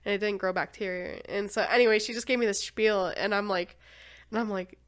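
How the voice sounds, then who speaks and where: A woman's voice: medium pitch, steady tone, brisk. A young woman hosting a podcast, telling a story in casual chat, laughing often. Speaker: podcast host.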